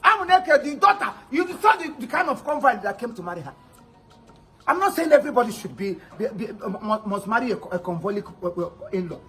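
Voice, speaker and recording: A man playing an angry, shouting older Nigerian father in a comedy skit, scolding and threatening his daughter's suitor. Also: very high-pitched, very animated, brisk, soft background music, exaggerated voice. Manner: loud scolding, insults and threats.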